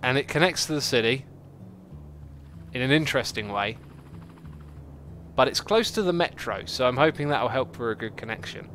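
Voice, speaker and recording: A man giving casual, chatty livestream commentary while building a city in a game, reacting out loud to it and answering chat. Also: medium pitch, lively intonation, a little hiss or hum. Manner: chatty, talks to the game and to chat, quick exclamations. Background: faint background music.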